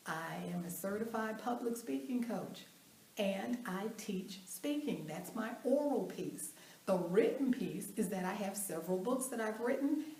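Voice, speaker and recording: A woman giving a storytelling motivational talk at an event, animated, acting out the voices she quotes and laughing along. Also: a little high, slight background noise. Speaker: motivational speaker. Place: event hall. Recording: roomy hall, mic at a distance.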